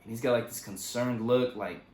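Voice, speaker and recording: A young man casually retelling his own story in a loose, profane, animated way. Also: medium pitch, moderate pace, reverberant. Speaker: vlogger.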